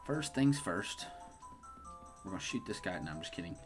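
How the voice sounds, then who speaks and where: A man's voice: deep voice, animated, normal speed, soft background music. A young man casually commenting on his playthrough of a game, joking around and laughing often. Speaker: gaming streamer. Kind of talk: casual let's-play commentary.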